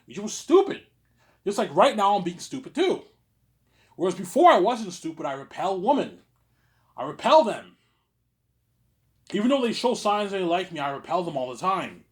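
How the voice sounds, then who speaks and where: A man in his thirties rambling through a personal monologue, stammering and repeating himself, dropping to a mutter and then rising to loud outbursts. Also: very animated, normal speed, long pauses. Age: 30s. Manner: repetitive, stammering restarts, frequent "obviously"; swings between low muttering and loud outbursts. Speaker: vlogger.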